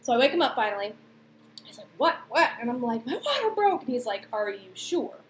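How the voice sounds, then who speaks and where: Young woman chatting to camera, lively and rambling, fairly high voice, roomy echo. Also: brisk. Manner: chatty, animated, lots of fillers and acted-out quotes. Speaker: vlogger. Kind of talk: casual storytelling to camera. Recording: echoey room, faint background noise.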